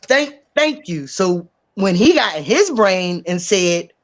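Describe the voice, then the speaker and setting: A woman's voice: lowish voice, very animated, slow pace. A woman speaking bluntly and emphatically on a livestream panel, repeating her points for effect. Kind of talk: heated livestream chat.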